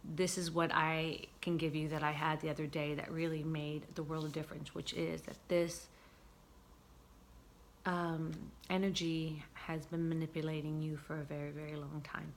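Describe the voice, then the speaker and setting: A woman vlogger talking casually about spiritual healing, earnest and searching, with frequent pauses and fillers. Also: low-pitched, level tone, slight background noise.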